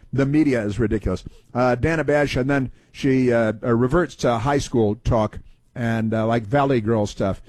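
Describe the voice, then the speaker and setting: A man's voice: medium pitch, a little mellow, slightly rough, no echo. A man hosting a talk show, giving sarcastic, rambling political commentary with many fillers. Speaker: talk radio host.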